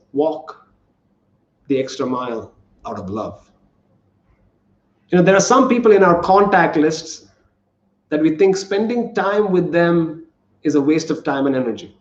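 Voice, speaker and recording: A man's voice: high-pitched, darkish tone. A man preaching a sermon as pastor, earnest and repetitive, asking the congregation questions. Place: church sanctuary. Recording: echoey church room, dull lo-fi sound.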